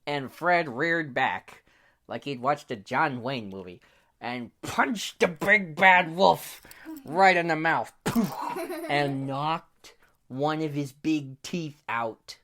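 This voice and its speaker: A man telling an improvised children's story, playful, laughing often, swinging from hushed to loud. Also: on the high side, lively intonation, slow pace. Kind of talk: improvised bedtime story for kids.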